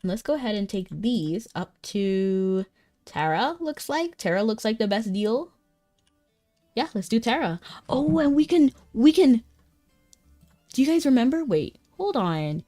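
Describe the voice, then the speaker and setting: A woman's voice: fairly high pitch, expressive, unhurried, mellow. A young woman chatting casually with viewers while streaming a game, bubbly and talkative. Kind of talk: casual live-stream chat. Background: faint game music.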